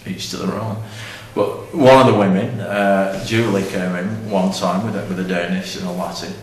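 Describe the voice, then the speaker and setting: A middle-aged man rambling bluntly and tactlessly in a deadpan comic monologue. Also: sits low, moderate pace, recorded from a distance. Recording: echoey room from off-mic.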